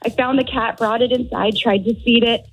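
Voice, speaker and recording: A woman calls in to a radio show and tells her story in a lively, breezy way. Her voice sits a little high and has a husky edge. Faint music plays behind her. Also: normal speed, rough recording. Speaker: caller. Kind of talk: telling a story on a call-in show.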